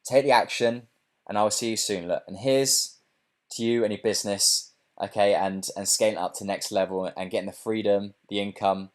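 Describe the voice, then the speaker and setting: A man with a fairly low voice closes out an online business webinar as its host. He talks in short, punchy bursts and checks in with "okay?" and "look" again and again. It is an energetic sales pitch that pushes listeners to take action. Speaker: business coach hosting a webinar.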